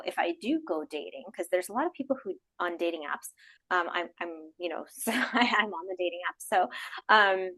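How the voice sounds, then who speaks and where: Animated woman guest on a podcast. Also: medium pitch. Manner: animated, acts out people's inner voices. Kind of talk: casual interview chat.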